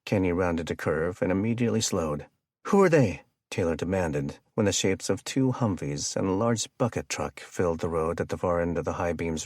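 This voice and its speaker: A low-pitched man narrates an audiobook from a script, keeping a steady, measured delivery. The studio-quality recording has no echo.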